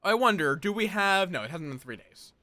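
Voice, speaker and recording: A man's voice: high voice, expressive, brisk, sharp tone, a little hiss or hum. A tired man streaming a game, muttering to himself and thinking aloud as he plays. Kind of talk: casual gameplay commentary.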